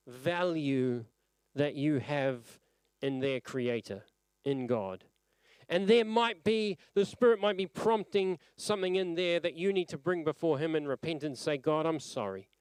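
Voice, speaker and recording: A man preaching a sermon at a church service, earnest and reflective, letting his phrases fall softly at the end. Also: fairly high pitch, smooth, no echo.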